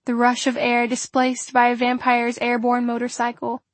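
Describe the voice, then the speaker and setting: A woman narrating an audiobook in an even, level storytelling manner. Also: on the high side, moderate pace, no room sound. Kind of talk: scripted narration.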